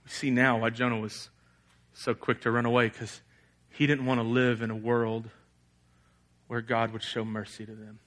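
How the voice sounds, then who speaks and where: Bright-voiced animated young male preacher. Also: medium pitch, normal speed. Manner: animated, acts out the figure's angry prayer in a loud raised voice. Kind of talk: sermon.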